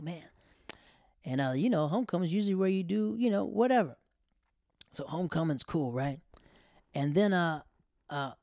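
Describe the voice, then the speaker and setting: A young man casually telling a personal story, acting out quoted lines with sudden loud high bursts and dropping to near whispers for embarrassed asides. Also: no echo, studio quality.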